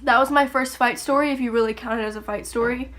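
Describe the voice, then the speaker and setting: A woman's voice: a little high, fairly even intonation, quick pace, fairly bright tone, slight background noise. A young woman telling a story casually, swearing freely and acting out the voices. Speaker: YouTuber.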